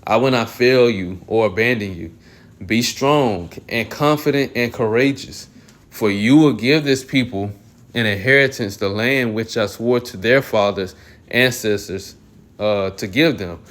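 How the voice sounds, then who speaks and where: A man reading Bible verses aloud and commenting on them, often clearing his throat and restarting phrases. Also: on the low side, measured pace, fairly bright tone. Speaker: Bible teacher.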